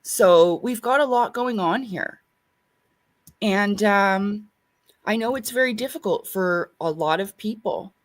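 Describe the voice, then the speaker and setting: This is an earnest woman with a voice at an ordinary middle pitch. She speaks reflectively and sincerely, as a guest in a relaxed spiritual discussion. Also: slow.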